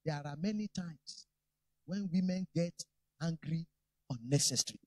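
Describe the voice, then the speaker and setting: A man's voice: a little high, animated, moderate pace, no room sound. Stern commanding dad, a man acting him out, dry close sound. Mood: instructive. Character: stern father instructing his son.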